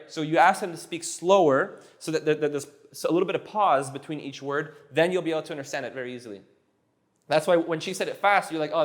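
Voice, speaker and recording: A man teaching a casual one-on-one language lesson, patiently repeating phrases slowly so they sink in. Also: fairly high pitch. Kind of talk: casual tutoring session.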